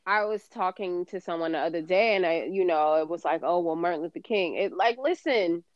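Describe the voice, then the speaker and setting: A woman's voice: lowish voice, a little fast, no room sound, dull audio. A woman co-hosting a podcast in casual chat, talking emphatically and profanely, rambling with many fillers. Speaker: podcast co-host.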